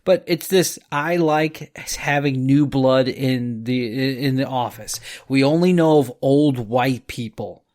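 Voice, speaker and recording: A man co-hosting a podcast, ranting casually and swearing as he gets animated. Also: mid-range voice, takes it slowly, hardly any pauses. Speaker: podcast co-host. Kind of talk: late-night casual rant.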